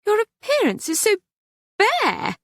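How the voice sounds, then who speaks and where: A woman's voice: very high-pitched, wildly swooping pitch, slow, no echo, clean studio sound, pitched above the performer's own voice, heavily acted. A woman voicing a haughty society mother, who speaks sharply and disapprovingly.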